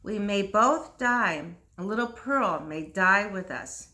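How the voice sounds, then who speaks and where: A woman's voice: mid-range voice, lively intonation, pushed and bright. A woman reading aloud and voicing a frightened young mother who answers anxiously. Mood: anxious fear. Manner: hurried, anxious.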